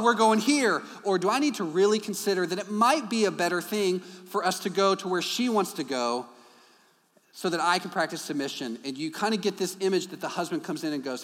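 High-voiced male pastor in a reverberant hall. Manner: animated storytelling, acting out dialogue in hushed low voices. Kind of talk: sermon. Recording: long reverb from a large hall.

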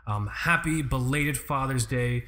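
A man in his thirties hosts a relaxed podcast, his voice sitting at an ordinary middle pitch. He rambles, swears freely and throws in quick asides as he goes. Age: 30s. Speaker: podcast host. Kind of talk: casual chat.

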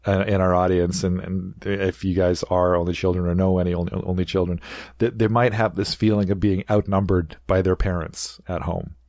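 A man with a low voice talks eagerly about a movie, laughing often and slipping into quoted lines. The sound is dry and close. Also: flat delivery, moderate pace, a little mellow, no room sound. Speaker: podcast host. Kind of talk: casual film discussion.

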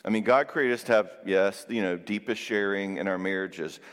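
Man, fairly low voice, seminar speaker, conversational, storytelling, long hall reverb. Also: moderate pace. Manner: conversational, tags points with "all right?" and "okay?"; lively personal storytelling. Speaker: Christian marriage seminar speaker. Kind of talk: live seminar talk to an audience.

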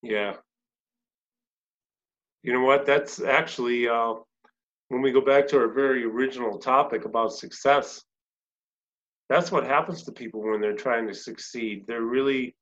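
A man's voice: medium pitch, fairly even intonation, unhurried, pauses often, fairly bright tone. A man hosting a casual interview, praising his guest with effusive enthusiasm. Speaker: host. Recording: dull lo-fi sound.

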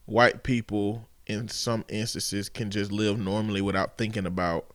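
A man co-hosting a podcast, talking in a measured way and joking dryly. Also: lowish voice, little pitch movement, no echo. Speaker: podcast co-host. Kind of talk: casual chat.

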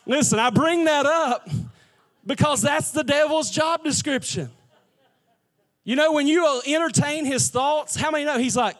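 A man's voice: extremely high pitch, unhurried, fairly bright tone. A man preaching a sermon in a conversational, emphatic way, often asking the congregation questions. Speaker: pastor.

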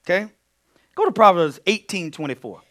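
A male pastor teaching a sermon in an animated way, dropping to quiet asides and then rising to loud, emphatic bursts. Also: high-pitched, normal speed.

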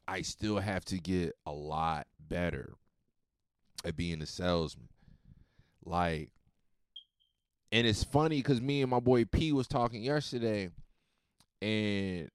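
Animated, profane man telling a story. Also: lowish voice, clear, resonant tone, no room sound, studio quality. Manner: animated, profane, swings loud and soft. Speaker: podcast host. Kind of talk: casual storytelling monologue.

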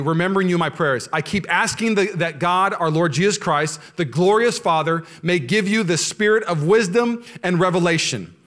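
A male pastor preaching a sermon, moving between quiet, low asides and loud, high, impassioned stretches.

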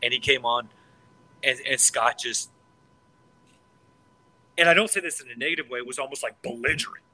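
An excitable man talking casually on a podcast, with a very bright, sharp-edged tone. He swears freely and trips over his words, restarting sentences again and again. His pitch sits in an ordinary middle range. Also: normal speed, low-quality recording. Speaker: podcast co-host.

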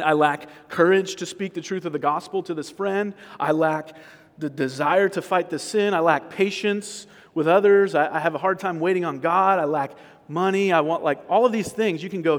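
Recorded in a big, reverberant hall, this sermon comes from a male pastor whose voice is slightly high. He preaches casually, as if conversing, frequently restarting and posing rhetorical questions.

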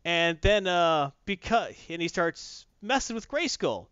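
A man's voice: high voice, a little slow, clean tone, dry recording. A man chatting casually and animatedly, retelling a story and acting out parts, recorded dry and muffled. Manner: animated storyteller, acts out voices. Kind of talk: casual chat recapping a comic.

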